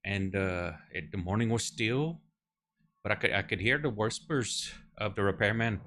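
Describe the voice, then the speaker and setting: A man's voice: on the low side, normal speed, pushed and bright, a little hiss or hum. A man voicing a nervous male cremation-ground keeper in a put-on Cockney accent, stammering and pleading. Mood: anxious.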